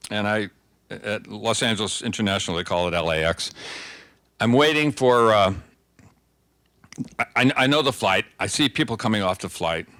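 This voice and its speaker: A man's voice: fairly low pitch, fairly bright tone, dry recording. An older man telling stories as a guest speaker, chatty and conversational, often restarting his sentences. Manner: conversational storyteller, frequent restarts. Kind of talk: anecdotal talk.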